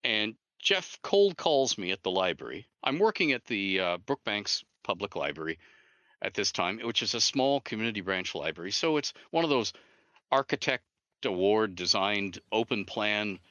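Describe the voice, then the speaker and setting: A man being interviewed as an author and game designer, telling stories in an animated way and acting out the dialogue. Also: fairly low pitch, normal speed, dry recording. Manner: animated storyteller who acts out dialogue. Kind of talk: interview storytelling.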